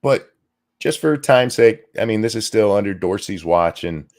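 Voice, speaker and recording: A man hosting a ranting commentary show, profane and indignant, talking in fast bursts. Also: on the low side, expressive, darkish tone.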